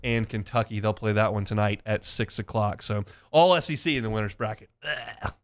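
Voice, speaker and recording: A man's voice: lowish voice, brisk, clear, resonant tone. A man hosting a sports talk radio show, chatting through recruiting news and stats. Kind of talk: sports talk and live-read ads.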